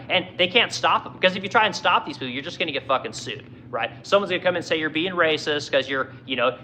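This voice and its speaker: A man's voice: fairly high pitch, bright, forceful tone, a little hiss or hum, rough recording. A man who owns a furniture business, ranting angrily and swearing constantly in a heated monologue. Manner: profane, angry, heated. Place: furniture workshop in Missouri.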